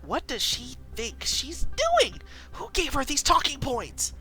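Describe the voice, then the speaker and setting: Smug politician man read by a woman, bright voice, animated delivery. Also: sits high, measured pace, husky, soft background music, voice pushed up, heavily acted. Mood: suspicious. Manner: slick, then snapping. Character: smug, defensive male city politician.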